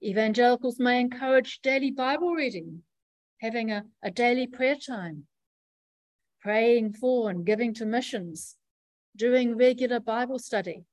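A woman preacher giving a sermon in a measured, reflective teaching manner, pausing often as she explains. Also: fairly high pitch, no room sound, low-quality recording.

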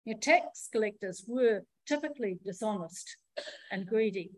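A woman preacher giving a sermon in a measured, reflective teaching manner, pausing often as she explains. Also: medium pitch, lively intonation, no room sound, poor audio.

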